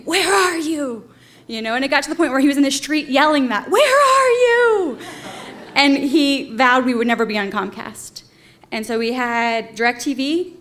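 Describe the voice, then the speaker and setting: Exasperated high-voiced woman telling a story. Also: a bit bright. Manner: exasperated, profane, comic. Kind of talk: live storytelling on stage. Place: theater stage with audience.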